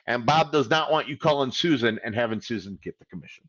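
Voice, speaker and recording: A man's voice: medium pitch, animated, fast talker, fairly bright tone, highs cut off. A man giving a live credit repair coaching talk, animatedly acting out phone calls.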